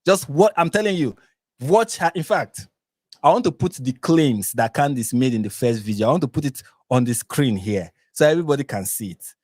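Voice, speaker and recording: A Nigerian-accented man hosting a live reaction commentary. He pushes points over and over with exasperated emphasis, his pitch swinging widely. The sound is close and dry. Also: animated, moderate pace, a little mellow, no echo. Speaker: reaction channel host.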